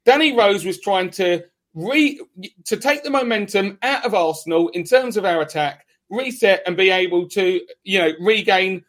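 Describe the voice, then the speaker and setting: A man hosting a podcast speaks with a notably high voice. He argues his point with force and insistence, pressing each claim hard. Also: expressive, normal speed, fairly bright tone. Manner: emphatic, argumentative. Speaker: podcast host. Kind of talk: casual podcast chat.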